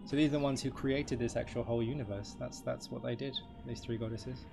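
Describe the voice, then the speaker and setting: A man's voice: mid-range voice, steady tone, fairly quick, creaky, over music. A man doing live game stream commentary, chatty and rambling, joking with his chat.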